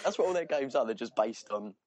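A man's voice: mid-range voice, fast, a little hiss or hum. A young man from southern England, cohosting a casual podcast chat, sweary and joking. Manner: sweary, joking, lively delivery. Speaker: podcast co-host.

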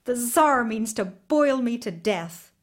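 A woman's voice: fairly high pitch, animated, slow. Woman reader does young male hero, earnest, anxious, storybook reading. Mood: bitter.

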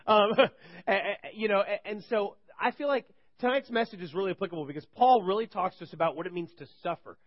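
A man's voice: high-pitched, fast talker, lo-fi sound. A man giving a casual, rambling sermon to college students at a live campus gathering, chatty and full of joking asides. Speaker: campus ministry preacher.

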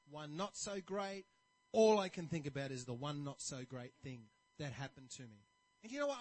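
A man preaching a sermon, telling stories and admitting his own faults in an animated manner. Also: sits high, rough recording. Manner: animated, storytelling, self-deprecating. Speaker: pastor.

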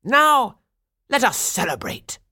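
A woman's voice: on the high side, sing-song, slow pace, pushed and bright, pitched above the performer's own voice, exaggerated voice. A woman voicing a genial, portly male town mayor who speaks in a stately, reassuring way, in a storybook reading.

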